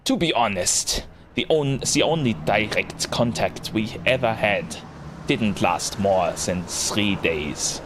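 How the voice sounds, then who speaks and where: A man's voice: on the low side, a little slow, lightly acted. A man voicing a weary, overworked man in his late twenties, reading narration in a put-on heavy foreign accent, with noise in the background. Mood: weary, reflective. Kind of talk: reading visual novel narration.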